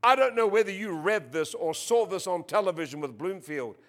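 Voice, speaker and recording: An Australian man preaching a sermon, joking with the congregation and crying out praises, reading scripture slowly and with emphasis. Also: high-pitched, animated. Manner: jokey, peppered with exclamations of praise. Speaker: visiting preacher.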